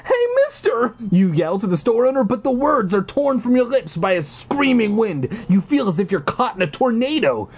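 A man reading a choose-your-path book aloud, animated, with sarcastic asides. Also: sits high, slightly rough.

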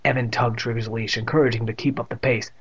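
A man's voice: mid-range voice, steady tone, fast, fairly bright tone, slightly rough. A man reading a children's book aloud and tossing in joking asides. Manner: adds joking asides to the text. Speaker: reader. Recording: muffled lo-fi recording.

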